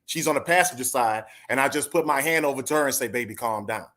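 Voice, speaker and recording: A man's voice: medium pitch, quick pace, sharp tone. Forties male podcast co-host, earnest casual storyteller, mid-range voice. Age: 40s. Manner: earnest, addresses listeners directly.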